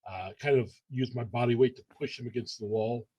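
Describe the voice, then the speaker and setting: A man with a husky, slightly breathy voice plays in a tabletop game. He describes his moves in an unhurried, hesitant way. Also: mid-range voice, dark tone. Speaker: player. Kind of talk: casual game talk.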